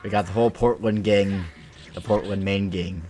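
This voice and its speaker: A man's voice: on the low side, steady tone, normal speed, darkish tone, a little hiss or hum. A young man from Illinois with a Midwestern, Ohio-leaning accent, chatting casually as a game streamer, rambling with lots of filler words. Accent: Midwestern American, Ohio-leaning. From Illinois, USA. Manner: rambling, filler-heavy, easygoing. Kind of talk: casual chat while streaming.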